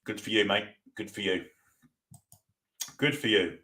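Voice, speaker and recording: A man's voice: on the low side, a little slow, sharp tone. A man with a Geordie accent hosting a live football fan watchalong, chatting casually as he reads out viewer comments and banters back. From North East England. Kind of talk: live stream chat reading.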